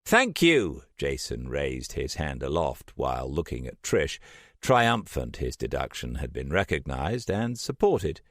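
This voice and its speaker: Man, audiobook narrator, low voice, lively intonation, dry sound. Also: unhurried, no echo.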